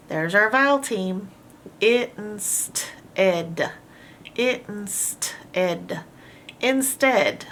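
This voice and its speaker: A woman teaching a phonics lesson, slowly sounding out words and letters, with patient praise. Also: medium pitch, slight background noise.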